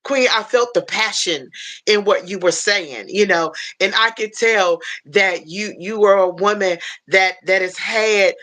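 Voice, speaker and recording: Bright-voiced woman chatting on a livestream. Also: mid-range voice, unhurried. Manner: chatty and warm, with frequent restarts and "y'all". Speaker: livestream host. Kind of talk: casual livestream chat.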